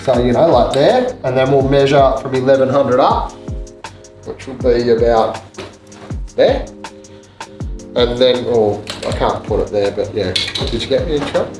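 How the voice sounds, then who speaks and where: A man's voice: mid-range voice, unhurried, long pauses. A man hosting a renovation vlog, explaining the work in a chatty, joking way, inside a kitchen being rebuilt. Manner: chatty, joking, loose with fillers. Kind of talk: casual on-site explanation. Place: indoor kitchen under renovation. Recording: echoey room with loud music behind.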